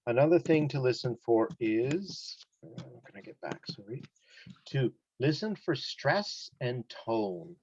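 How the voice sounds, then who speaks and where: A man's voice: mid-range voice, big pitch swings, takes it slowly, a little mellow, dull audio, a little hiss or hum. A man teaching an English test-prep lesson one-on-one, explaining casually with examples and many fillers.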